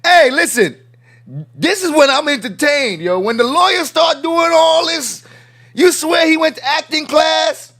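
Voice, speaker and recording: A man hosting a live stream, reacting with laughter, slang and shouted exclamations. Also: extremely high pitch, unhurried.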